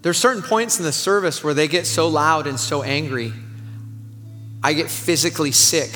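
A man retelling a frightened, troubled young woman's words in a lower, quieter voice. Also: normal speed. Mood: fearful hushed. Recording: long hall reverb, faint music.

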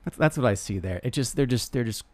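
A young man talking off the cuff in a comic monologue, mid-pitched and recorded dry and close. He rambles and restarts his sentences, and he pokes fun at himself as he goes. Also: animated, fast talker, no room sound. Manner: rambling, self-deprecating, stammering restarts. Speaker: podcast host. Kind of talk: casual comedic monologue.

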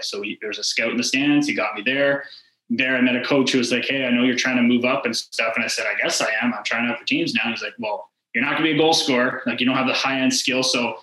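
A young man talks quickly in a bright, forceful voice. He tells his story casually, with plenty of "like" and acted-out dialogue. The room gives it a clear echo. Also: mid-range voice. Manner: rambling, heavy use of "like" and quoted dialogue. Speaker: former hockey player, podcast guest. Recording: echoey room.

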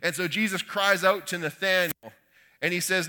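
A man's voice: high-pitched, fairly even intonation, normal speed, sharp tone. A man from Canada preaching a conversational sermon, retelling a Bible story with folksy asides and quoted voices. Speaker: pastor.

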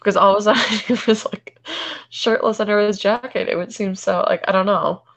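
A woman in relaxed casual chat as a podcast co-host, retelling reality-TV scenes with quotes. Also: mid-range voice, a little fast, creaky.

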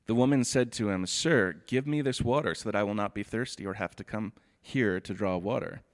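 Low-voiced pastor reading scripture and commenting. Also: male voice, a little fast. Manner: reads scripture steadily, then comments in a relaxed, chatty way with "like". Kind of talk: sermon.

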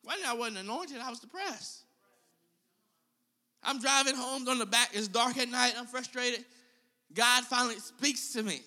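High, bright-voiced man preaching. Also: moderate pace, long pauses, in a large hall. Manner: impassioned, calls to the congregation. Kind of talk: sermon. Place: church.

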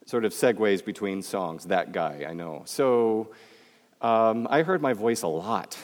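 A man from Michigan, USA, with a Midwestern American accent gives a public talk, joking conversationally and addressing the audience directly. His voice sits on the low side and is animated, delivered at a measured pace with a big-room sound.

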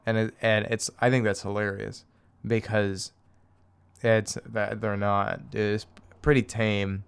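A young man with a low, gravelly yet smooth voice, talking alone in a casual, crude comedic rant. He rambles from one gripe to the next and chuckles as he talks. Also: little pitch movement, slow. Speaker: podcaster.

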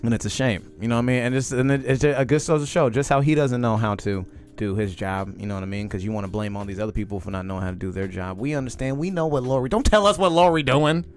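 A young adult man hosting a comedy podcast, ranting excitedly and often shouting. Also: mid-range voice, fast talker, hardly any pauses, soft background music. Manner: excitable, ranting, peppered with "you know what I'm saying". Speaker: podcast host. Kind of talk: comic ranting podcast chat.

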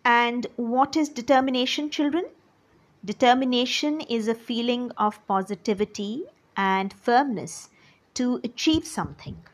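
Slow, breathy woman reading children's story. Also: a little high. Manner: expressive, addresses children directly.

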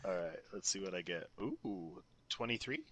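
A man's voice: low voice, moderate pace. A man playing a tabletop game, joking around and laughing in casual chat. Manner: jokey, animated, laughing. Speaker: player.

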